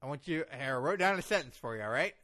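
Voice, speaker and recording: A man's voice: fairly high pitch, lively intonation, fast talker, pushed and bright. A man impersonating a lisping, pompous wrestling villain. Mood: bossy. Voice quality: lisp. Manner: pompous, bossy, rambling. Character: boastful male pro-wrestling villain, self-proclaimed darkest. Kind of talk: comedic impression sketch.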